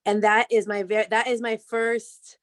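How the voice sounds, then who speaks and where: A woman on a video call sharing a memory in a reflective, halting way, full of fillers and restarts. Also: a little high, flat delivery, a bit bright. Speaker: guest speaker, former actor in the play.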